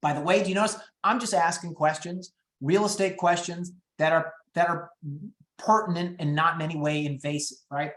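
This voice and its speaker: A man coaching real estate agents on phone scripts, talking fast and upbeat and acting out the calls. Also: steady tone, a bit bright, reverberant. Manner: high-energy, quick, acts out phone calls. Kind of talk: teaching sales scripts in a webinar.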